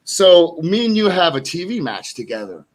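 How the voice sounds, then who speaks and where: A middle-aged man co-hosting a podcast, telling stories in an animated way and acting out what people said. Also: high-pitched, normal speed. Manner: animated storyteller who acts out dialogue. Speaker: podcast co-host and wrestler. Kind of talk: casual podcast storytelling.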